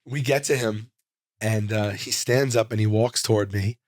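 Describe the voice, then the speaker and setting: A man's voice: fairly low pitch, normal speed, no room sound. Chatty man telling a story in a dry studio. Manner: animated, rambling, with frequent fillers and restarts. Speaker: comedian guest. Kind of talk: casual interview storytelling.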